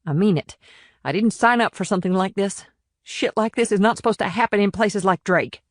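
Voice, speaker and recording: A woman's voice: medium pitch, a little fast, no room sound, studio quality, lightly acted. A woman voicing a blunt, plainspoken small-town police officer in an audiobook. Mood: rattled. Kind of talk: audiobook character reading.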